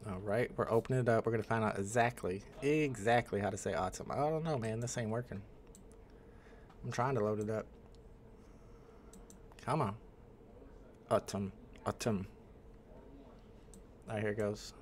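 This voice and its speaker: A man's voice: lowish voice, a little fast, pauses often, slight background noise. Man rambling casually on a livestream. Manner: rambling, thinks aloud, greets chat. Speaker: livestream host. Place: home.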